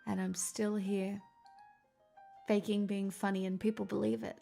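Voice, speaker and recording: Slow, gravelly woman streamer in a put-on transatlantic accent. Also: medium pitch, little pitch movement, warm tone, soft background music. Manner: chatty, self-mocking, swears casually. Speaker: live streamer greeting chat. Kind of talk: casual live-stream chat.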